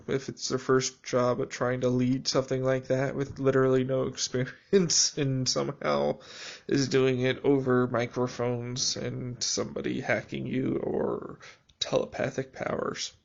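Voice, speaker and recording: Slow, gravelly-voiced man musing alone. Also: medium pitch, dull audio. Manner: reflective, halting, with frequent restarts and dry sarcasm. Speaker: video journal keeper. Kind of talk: personal video journal monologue.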